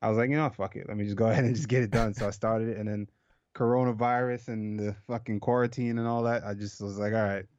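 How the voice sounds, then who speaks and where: A man's voice: on the low side, steady tone, quick pace, darkish tone, no room sound, muffled recording. A man from Jamaica who is a professional fighter, talking in a loose, casual way and swearing freely. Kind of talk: casual interview chat.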